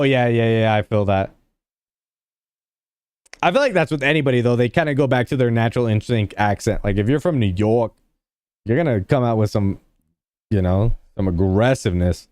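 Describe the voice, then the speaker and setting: A man's voice: on the low side, darkish tone, smooth, dry recording. A young man casually chatting with his livestream viewers, rambling and filling his talk with "like". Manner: rambling, heavy use of "like" fillers; laid-back, talks to chat.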